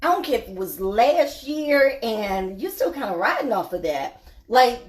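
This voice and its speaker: A woman's voice: fairly high pitch, sing-song, moderate pace. A woman, hosting a casual live cooking stream in her home kitchen, chatting with viewers and trailing off with fillers. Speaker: cooking show host.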